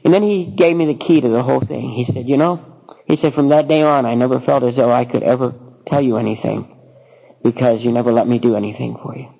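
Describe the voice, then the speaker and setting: A man's voice: mid-range voice, steady tone, quick pace, creaky, warm tone, poor audio. A middle-aged man telling a personal recovery story, rambling with many false starts. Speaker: speaker sharing recovery story.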